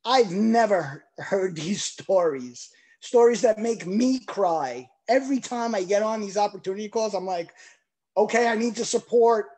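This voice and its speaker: A man in his forties giving an emotional, emphatic testimonial pitch on a video call. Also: expressive, measured pace, darkish tone. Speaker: product promoter on a video call.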